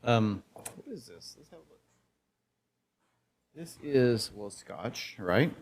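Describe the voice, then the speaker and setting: A man's voice: mid-range voice, sing-song, slow pace. A man co-hosting a casual podcast, laid back, mostly adding short remarks and questions. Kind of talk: casual chat.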